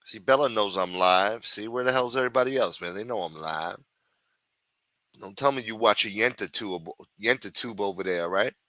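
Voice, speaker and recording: A man's voice: on the low side, normal speed, pushed and bright, dry recording. A man hosting a late-night livestream, chatting with viewers in a sing-song voice and full of crude joking banter. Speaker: livestream host.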